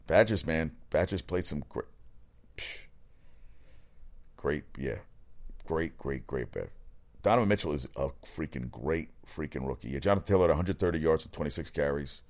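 A man giving a casual, rambling sports rant, excitable and profane, often correcting himself. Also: low-pitched, moderate pace, pauses often. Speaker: sports commentator.

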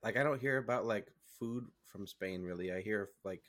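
Male podcast co-host, somewhat low voice, hesitant, rambling, defensive in banter. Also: moderate pace, fairly bright tone. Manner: hesitant, many fillers and restarts, defensive. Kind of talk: casual chat.

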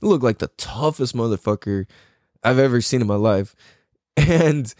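A man tells loose, profane anecdotes and breaks into laughter as he goes. His pitch swings widely when he acts out what other people said. The sound is dry and close. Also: expressive, measured pace, darkish tone, no echo. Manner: mimics voices in quotes. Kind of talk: casual storytelling.

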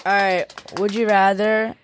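A woman's voice: medium pitch, flat delivery, measured pace, slight background noise. A young woman co-hosting a casual family podcast with her mother, dry and slangy. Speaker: co-host, host's child.

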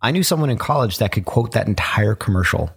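A man's voice: on the low side, animated, fast talker, vocal fry, fairly bright tone, slightly rough. A man in his thirties co-hosting a podcast in casual chat, laughing often and hesitating as he talks. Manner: laughs a lot, hesitant restarts, swears casually. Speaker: podcast co-host.

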